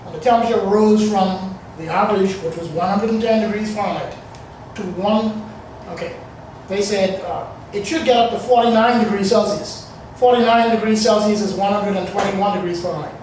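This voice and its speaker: A man's voice: sits high, a little fast, darkish tone, slight background noise. A man in his forties from the Bahamas telling a personal story to an audience in a loose, rambling way with many fillers. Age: 40s. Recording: echoey room, distant mic.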